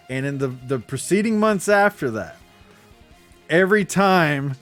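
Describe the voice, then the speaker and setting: Animated man ranting on a podcast. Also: on the high side. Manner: animated, laughing, mock announcer bits. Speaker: podcast co-host. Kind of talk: casual live podcast chat.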